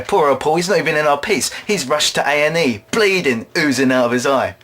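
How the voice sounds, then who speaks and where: A drama student delivers an absurd comic monologue in a fairly high-pitched male voice, rambling deadpan and occasionally slipping into quick character voices. Soft music plays in the background.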